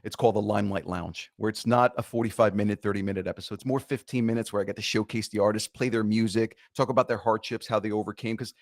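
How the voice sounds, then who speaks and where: A man's voice: on the low side, steady tone, fast, hardly any pauses, no echo, clean studio sound. A man speaking earnestly and upbeat as a guest in a casual podcast chat.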